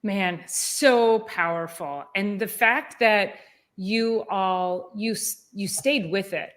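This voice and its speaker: A woman hosting a podcast interview, reflecting warmly and affirming her guest's story. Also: medium pitch, takes it slowly. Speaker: podcast host, chiropractor. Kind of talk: casual interview chat.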